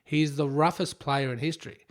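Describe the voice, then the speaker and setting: A man co-hosting a podcast, telling an animated story in casual chat and acting out the voices of the people in it. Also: on the high side, normal speed. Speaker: podcast co-host.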